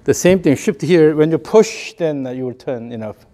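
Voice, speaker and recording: A man's voice: a little high, expressive, moderate pace, warm tone. Man coaching, chanting rhythmic cues. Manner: instructive, repeats short rhythmic cues. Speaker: golf coach. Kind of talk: hands-on coaching lesson.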